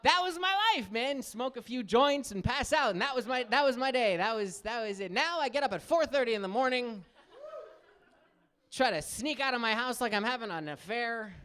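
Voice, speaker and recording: A man in his thirties doing a stand-up comedy set on a club stage, telling animated stories and acting out the people in them. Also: normal speed. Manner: animated storytelling, acts out quotes in higher voices.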